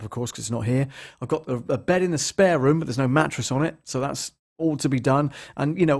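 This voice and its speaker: A man's voice: mid-range voice, creaky, a little mellow. Chatty man hosting a live stream. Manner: chatty and rambling, greets viewers by name, many ums. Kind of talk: casual live stream chat. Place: bare apartment lounge. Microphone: large studio microphone, moved around at times.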